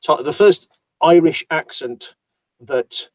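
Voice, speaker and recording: His voice is a little high and he takes it slowly, captured in a dry recording. This audiobook narrator explains his work at length during a conversational interview, thoughtful and quick to poke fun at himself.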